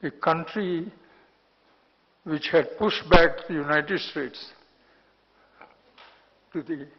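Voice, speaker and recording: An older man with an Indian accent speaks bluntly at a launch event, his voice gravelly and husky. His pitch sits on the high side. The sound is dull and rings with long hall reverb. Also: very slow. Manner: blunt, grows loud when indignant. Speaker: former national security adviser, speaker. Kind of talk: speech at a report launch. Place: large hotel hall.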